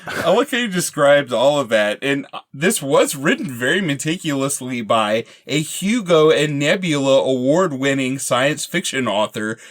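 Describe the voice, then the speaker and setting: A man's voice: mid-range voice, very animated, normal speed, a bit bright. Wry man chatting about an old film. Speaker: podcast co-host. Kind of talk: casual movie review chat.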